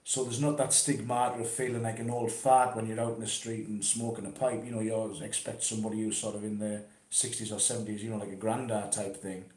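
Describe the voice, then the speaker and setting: A man's voice: fairly low pitch, little pitch movement, fast talker, hardly any pauses, a little mellow. Laid-back man in an echoey room. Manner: chatty, laid-back, swears casually. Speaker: interviewee talking about pipe smoking. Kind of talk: casual chat. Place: conservatory at home.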